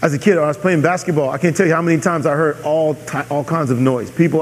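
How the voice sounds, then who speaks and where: A man's voice: on the high side, steady tone, fast, long reverb tail. A man preaching a sermon as pastor, emphatic and repeating his key lines, often asking the audience if they are with him.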